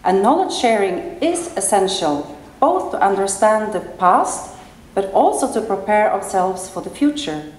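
A woman delivering a formal speech in a clear, steady way. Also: medium pitch, measured pace, slight background noise. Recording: echoey room.

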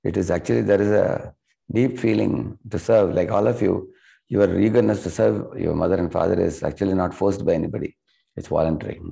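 Middle-aged Indian English speaker, spiritual teacher, deep mellow gravelly tone, storytelling lecture. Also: male voice, fairly quick. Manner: earnest storytelling, acts out quoted characters with rising emotion.

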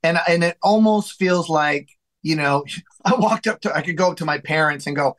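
Animated man telling a story. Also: fairly high pitch, moderate pace, poor audio. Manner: animated storyteller who acts out quoted dialogue; frequent restarts and repeated words. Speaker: guest, singer and songwriter. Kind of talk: storytelling interview. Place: his home music studio.

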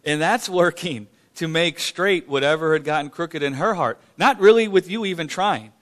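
A man hosts a church question-and-answer gathering, his voice sitting somewhat high. He talks in a fervent, informal way, circling back to the same phrases and praising God between points. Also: normal speed. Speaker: church leader hosting a Q&A.

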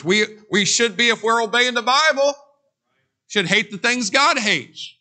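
A man's voice: very high voice, measured pace, bright, forceful tone. A man pastor preaching a sermon in a church, emphatic and drilling points with call-and-response. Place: church sanctuary.

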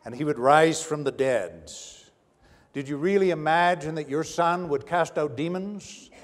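A male pastor preaching a sermon with dramatic swings between hushed and raised delivery. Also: fairly high pitch, expressive, unhurried. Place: church sanctuary. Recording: long church reverb.

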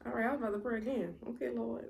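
A woman co-hosting a casual eating vlog, chatty and drawn-out when she explains. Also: fairly high pitch, gravelly, noisy background. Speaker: co-host. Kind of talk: casual mukbang chat.

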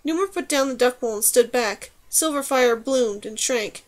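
A woman reading a fantasy novel aloud as audiobook narrator, in an even, measured way. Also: fairly high pitch. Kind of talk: scripted narration.

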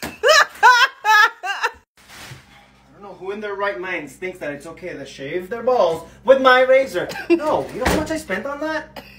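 A man puts on a high, swooping voice for a nagging young wife in a comedy sketch, sulky and sarcastic. The voice sits far from the mic in an echoey room with steady background noise. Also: normal speed, long pauses, a crowd in the background, lightly acted. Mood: annoyed. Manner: insists she is not mad, sulky and sarcastic.

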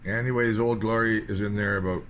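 A political commentator from British Columbia, Canada rambles through a sardonic monologue in loose fragments. His lowish voice holds a steady tone, fairly quick and a bit bright, over slight background noise.

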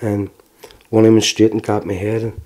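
Belfast man, 40s, interviewee; low, warm voice, frank and halting. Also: flat delivery. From Northern Ireland. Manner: frank, plain-spoken storytelling with halting restarts. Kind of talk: personal testimony.

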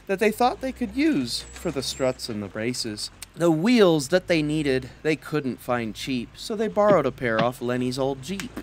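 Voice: medium pitch, very animated, measured pace, hardly any pauses, slight background noise. A reader narrating a bedtime story aloud with chatty explanatory asides. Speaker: children's book reader.

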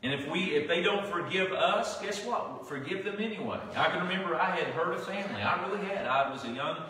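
Male pastor, Southern accent, folksy sermon, bright voice, heard far off in a big echoing church. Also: high voice, animated, a little fast. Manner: folksy, conversational preaching with restarts. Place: church sanctuary. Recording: echoey hall from far off.

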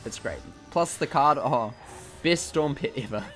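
A man's voice: mid-range voice, animated, unhurried, fairly bright tone, faint music behind. A man giving casual, jokey commentary while playing a video game, mocking himself and exclaiming at what happens. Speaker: gaming channel host.

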